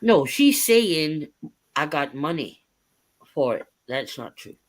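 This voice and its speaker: A woman's voice: deep voice, big pitch swings, slow pace. A woman guest in a casual group chat, teasing the others playfully and often stopping to restart what she says.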